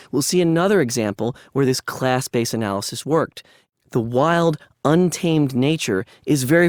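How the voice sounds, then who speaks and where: A man's voice: mid-range voice, no echo, clean studio sound. A man lecturing on literature in a conversational, analytical way, with frequent asides. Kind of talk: academic lecture.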